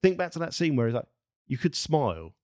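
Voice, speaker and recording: A man's voice: on the high side, big pitch swings, fairly quick, darkish tone, no echo. Emphatic man, dry close voice. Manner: emphatic, swears, hesitant restarts. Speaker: podcast co-host. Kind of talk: casual film discussion.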